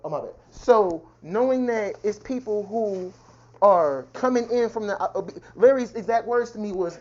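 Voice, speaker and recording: A woman venting in a heated, profane personal rant, talking fast and indignantly about how she has been treated. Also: mid-range voice, warm tone. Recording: dull lo-fi sound.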